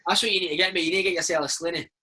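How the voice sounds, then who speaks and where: Chatty Scottish man, bright husky voice. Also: high voice, racing. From Scotland. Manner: chatty, animated storytelling with frequent "mate" and "man". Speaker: interview guest, former footballer and podcast host. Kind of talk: casual chat.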